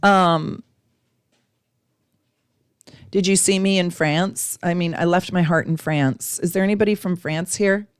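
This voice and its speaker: A woman's voice: on the low side, fairly even intonation, measured pace, pauses often, smooth, no room sound, clean studio sound. A woman astrologer chatting effusively on a live stream, laughing often as she gives chart readings. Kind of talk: live-stream casual chat.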